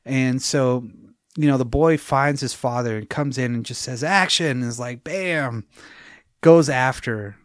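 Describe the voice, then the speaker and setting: A man's voice: mid-range voice, steady tone, normal speed, no room sound, studio quality. A man casually recapping a film scene by scene, swearing freely and laughing as he retells it. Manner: crude, laughing storyteller who acts out scenes.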